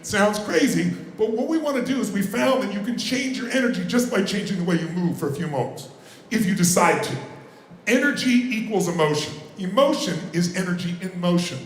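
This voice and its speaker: Motivational speaker, male, high voice, commanding crowd-pumping delivery, echoey hall. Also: lively intonation, fairly quick, a little hiss or hum. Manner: commanding, drives the crowd with questions and shouted calls. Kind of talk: live motivational seminar talk. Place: large hall with live audience. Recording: echoey hall with faint ambience.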